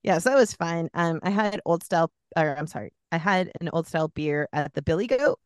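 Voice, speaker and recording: A woman from California, co-hosting a podcast and telling lively stories in a casual chat. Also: fairly low pitch, brisk, clear, resonant tone, no echo, clean studio sound. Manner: chatty, animated anecdotes with laughter. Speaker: podcast co-host.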